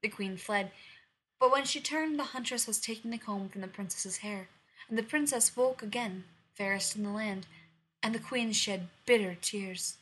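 A woman reading a fairy tale aloud in an even, measured storytelling voice. Her tone is bright and clear-edged yet husky underneath. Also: medium pitch, low-quality recording. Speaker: narrator.

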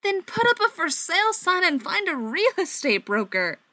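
A hot-tempered young male vampire of a storybook , voiced by a woman reader. His speech comes sharp, clipped and raised in pitch. The recording is dry and close. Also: big pitch swings, measured pace, no room sound, exaggerated voice. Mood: outraged. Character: young male vampire, tense and quick to anger.

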